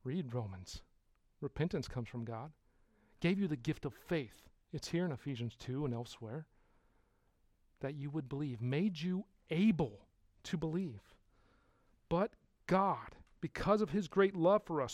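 A man preaching a sermon to his congregation, emphatic and conversational, dropping quiet and then rising loud for emphasis. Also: on the high side, lively intonation, unhurried, no room sound, clean studio sound. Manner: conversational with restarts, addresses congregation. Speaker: pastor.

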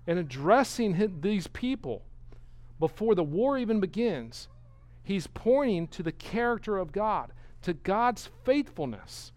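A man's voice: high-pitched, big pitch swings, measured pace, darkish tone, dry recording. A man, a pastor, giving an expository sermon with emphatic delivery and rhetorical questions.

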